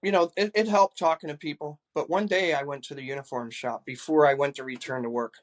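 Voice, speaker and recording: A man's voice: fairly high pitch, fairly even intonation, brisk. An older man, a retired police chief, earnestly recounting personal experiences in a conversation, often repeating words as he goes.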